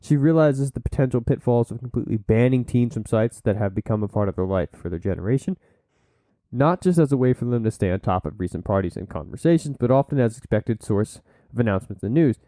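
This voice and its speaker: A man's voice: mid-range voice, expressive, fast, dark tone, no echo. A man hosting a solo podcast, reading from sources and breaking off into blunt asides and silly put-on voices. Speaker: podcast host.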